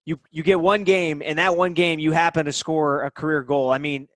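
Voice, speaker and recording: A man hosts a podcast, his voice somewhat high and recorded dry and close. He asks chatty, encouraging questions. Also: fairly even intonation, moderate pace, dry recording. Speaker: podcast host. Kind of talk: interview questions.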